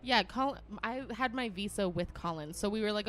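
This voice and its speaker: Young woman guest, mid-pitched, casual chatty voice, fills in the story. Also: moderate pace, fairly bright tone, a little hiss or hum.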